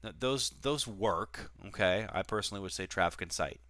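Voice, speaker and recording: A man's voice: on the low side, moderate pace, a bit bright, no room sound. A man teaching a recorded online class as a flight instructor, explaining casually with frequent fillers and restarts.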